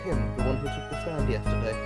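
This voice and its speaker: A performer reads as a composed woman singer testifying, formal and a little hesitant. The voice sits at a middle pitch, neither high nor low. Loud game music plays behind. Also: natural voice. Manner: slow, formal, halting delivery. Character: calm foreign woman singer witness. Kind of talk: reading a game script aloud.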